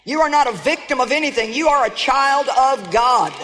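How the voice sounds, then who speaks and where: A woman's voice: sits high, expressive, normal speed, background noise. A woman preacher delivering a sermon, emphatic and calling on her audience to respond. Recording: long reverb of a large hall.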